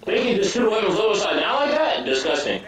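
A man comments on gameplay in a rambling, anxious way, swearing and saying bro again and again. His pitch jumps around a lot. He sits well back from the mic in a strongly echoing room. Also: sing-song, fast talker, far from the mic, a crowd in the background. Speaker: reaction video host. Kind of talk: casual reaction commentary.

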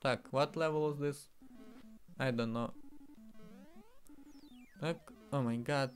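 A man's voice: medium pitch, fairly even intonation, takes it slowly, faint music behind. A man giving casual commentary while playing a video game, exasperated and swearing often. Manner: exasperated, swearing, frequent exclamations. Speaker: gaming streamer.

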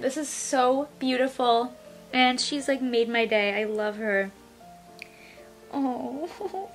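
A young woman vlogging an unboxing, gasping and gushing with delight, often trailing off softly. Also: high voice. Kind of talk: unboxing vlog.

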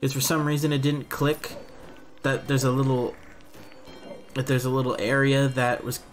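A man's voice: medium pitch, little pitch movement, moderate pace, soft background music. Rambling young man giving game commentary. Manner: rambling, self-deprecating, thinks out loud. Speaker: let's play commentator. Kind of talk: casual gameplay commentary.

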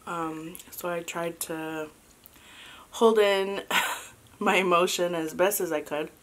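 A woman in her thirties chatting casually as a vlogger and mother, halting and soft with many fillers, fighting back tears. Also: on the low side, fairly even intonation, slight background noise. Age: 30s. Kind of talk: casual confessional chat.

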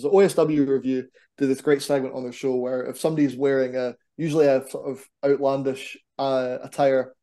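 A young Scottish man chatting animatedly as a wrestler guest on a podcast. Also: mid-range voice. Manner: animated, quick to banter. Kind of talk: casual podcast chat.

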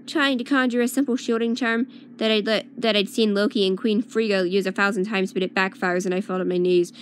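A woman reading a first-person story aloud in an expressive, emotional way. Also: mid-range voice, a little fast, slight background noise. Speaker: fan fiction reader.

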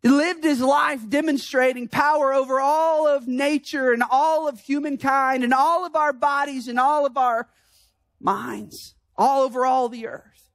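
High-voiced, impassioned woman preaching. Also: steady tone, measured pace, no echo. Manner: impassioned, building to shouted emphasis with rhetorical questions. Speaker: pastor. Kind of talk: sermon.

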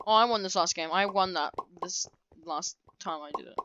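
A woman giving live commentary while playing a game, excitable and quick to outbursts of frustration. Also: fairly low pitch, muffled recording, background noise. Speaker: gaming video creator.

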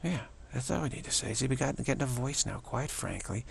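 Gravelly man rambling about spirit. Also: mid-range voice, lively intonation, slight background noise. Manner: halting, repetitive, drops into whispers. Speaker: spiritual vlogger.

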